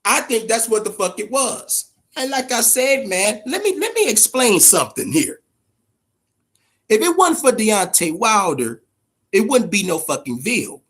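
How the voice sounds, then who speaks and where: A man's voice: high voice, very animated, unhurried, a bit bright, husky. A man hosting a boxing podcast, talking in a loose, profane, emphatic way and repeating words as he gets going. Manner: addresses chat viewers directly. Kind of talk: casual live-stream commentary.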